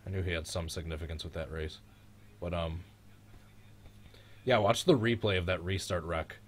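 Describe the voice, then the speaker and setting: A man's voice: low-pitched, steady tone, moderate pace, slight background noise. A man hosting a live race reaction with friends, congested and sick, his voice cracking, chatty and teasing as he rambles through old races. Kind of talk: casual live commentary with friends.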